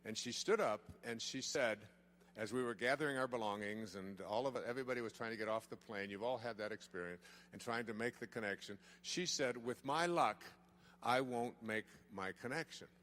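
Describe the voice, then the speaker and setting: A middle-aged man giving a motivational lecture to a live audience, telling a story in an emphatic, expressive way. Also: fairly low pitch, a little fast. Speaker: motivational speaker. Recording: long reverb of a large hall.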